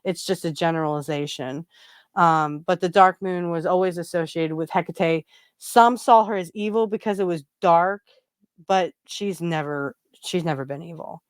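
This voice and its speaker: A woman's voice: on the low side, normal speed, clean tone, no echo, clean studio sound. A woman hosting a casual podcast about spiritual practice, rambling with many fillers and restarts. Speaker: podcast host.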